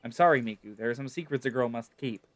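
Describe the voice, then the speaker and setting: A man's voice: mid-range voice, fast talker, dry recording, lightly acted. A man voicing a frail, wounded young woman in a game, speaking faintly and pleading earnestly.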